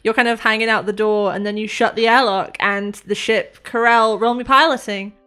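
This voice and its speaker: A woman running a tabletop game as game master, narrating scenes in a lively, vivid way and laughing often. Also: a little high, moderate pace, smooth.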